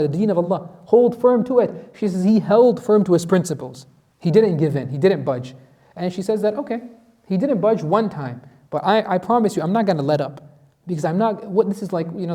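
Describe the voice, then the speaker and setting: A man's voice: sits high, warm tone. A man teaching a Quran lesson as an imam, asking his class questions and reciting Arabic verses.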